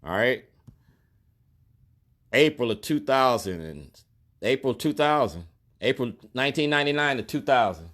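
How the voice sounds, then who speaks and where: A man's voice: mid-range voice, animated, normal speed, long pauses, a bit bright. Emphatic man repeating his points. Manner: emphatic, repeats key lines, colloquial. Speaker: store owner and activist vlogger. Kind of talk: direct-to-camera protest monologue.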